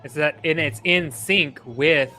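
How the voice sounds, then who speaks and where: A man's voice: fairly high pitch, takes it slowly, sharp tone, soft background music. A man co-hosting a casual live stream chat, eagerly picking apart camera shots and staging in detail. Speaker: stream co-host.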